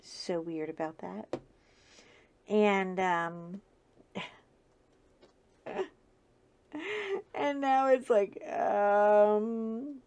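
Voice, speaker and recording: A woman host chats casually and tells a funny story at an unhurried pace, often breaking into laughter. Her pitch sits in a middle range. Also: fairly even intonation, darkish tone, clear, resonant tone. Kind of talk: casual chat.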